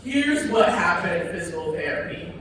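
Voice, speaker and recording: A woman's voice: fairly low pitch, sing-song, moderate pace, a bit bright. Woman, stand-up comedian, brash, profane, punchy, long hall reverb, noisy room. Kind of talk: stand-up set. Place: comedy club stage. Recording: echoey club heard from far off with noise.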